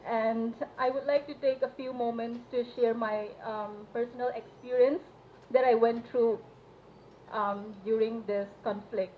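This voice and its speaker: A young woman from Manipur speaks at a public event with a fairly high voice, earnest and hesitant, pausing on fillers. The sound is thin and tinny like a phone line, with a faint hiss of noise behind her. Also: fairly even intonation. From Manipur, India. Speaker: student representative speaking at a solidarity event. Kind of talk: public speech.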